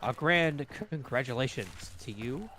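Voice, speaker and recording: A man's voice: medium pitch, animated, unhurried, background noise. A man on a live stream reading viewers' messages aloud in a plain, matter-of-fact way.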